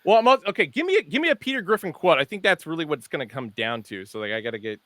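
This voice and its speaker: A man's voice: fairly high pitch, sing-song, racing, bright, forceful tone, no echo. A man co-hosting a casual podcast, reading off product details with lots of fillers. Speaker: podcast co-host presenting hat releases.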